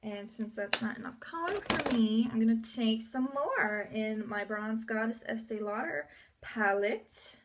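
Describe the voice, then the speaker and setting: A woman's voice: fairly high pitch, expressive, a little slow, slight background noise. Chatty woman rambling through a makeup tutorial. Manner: rambling, with offhand asides and muttered whispers. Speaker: beauty vlogger. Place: at home at a makeup mirror.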